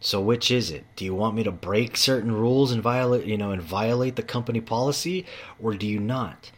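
A man's voice: lowish voice, brisk. A tradesman ranting in a heated monologue about his job, swearing often and repeating himself. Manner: profane, heated, repetitive. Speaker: manual tradesman.

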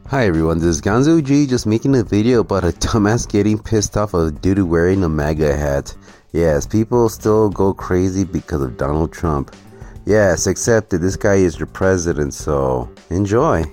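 A man's voice: sits low, normal speed, mellow, soft background music. A man hosting a reaction video, giving sarcastic, scornful commentary on a clip and laughing at his own jokes. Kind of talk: mocking commentary over a clip.

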